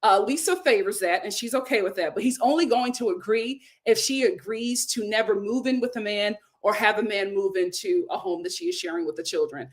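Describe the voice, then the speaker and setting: A woman's voice: medium pitch, fairly quick, hardly any pauses. A woman hosting a casual reality TV recap, emphatic and exclamatory, who repeats phrases for effect.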